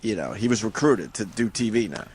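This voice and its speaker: A man's voice: on the low side, expressive, fairly quick, a little mellow, slight background noise. A man hosting a radio show in casual banter, setting up clips with hesitant, filler-heavy talk.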